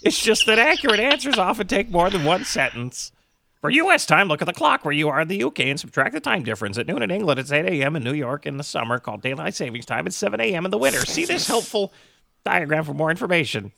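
A man's voice: high voice, sing-song, fast talker, gravelly, sharp tone. A man co-hosting a comedy podcast, reading out a written answer with mock patience. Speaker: podcast co-host.

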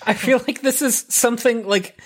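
Husky woman with wry reactions. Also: a little high, normal speed. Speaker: podcast co-host. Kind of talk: comedic podcast banter.

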